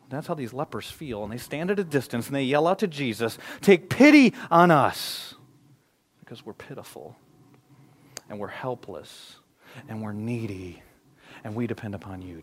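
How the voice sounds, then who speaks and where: A man preaching a sermon as pastor, impassioned, dropping to a hush and then rising to loud emphasis. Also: mid-range voice. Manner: impassioned, swings from hushed to loud.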